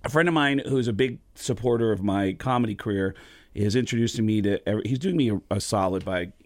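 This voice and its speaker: Comedian guest, male, animated storyteller, dry close sound. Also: fast talker, no echo. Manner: animated, jumps into high excited voices when quoting people. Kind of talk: casual storytelling.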